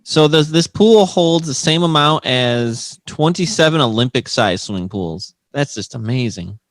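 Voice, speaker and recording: A man with a mid-range voice whose pitch swings animatedly as he teases his co-hosts and tells odd news stories. The recording is dry and close, with no room sound. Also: unhurried, no room sound. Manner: teasing, lively storytelling. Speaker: podcast co-host, news segment. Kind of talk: casual chat.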